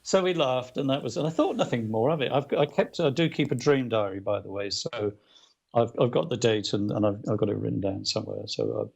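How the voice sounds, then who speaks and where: A male author as a guest, telling anecdotes in a casual interview, animated, with many restarts and fillers. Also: mid-range voice, fairly quick, creaky, breathy edge.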